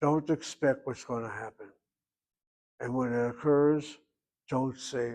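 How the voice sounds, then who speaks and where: A man's voice: mid-range voice, steady tone, takes it slowly, a little mellow. An older man teaching a Hebrew grammar class, thinking aloud and reasoning back and forth as he explains.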